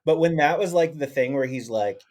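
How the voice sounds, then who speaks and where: A man's voice: on the high side, brisk, a little mellow. Sardonic man on a podcast. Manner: sardonic, swears freely. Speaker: podcast guest. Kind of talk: casual podcast chat.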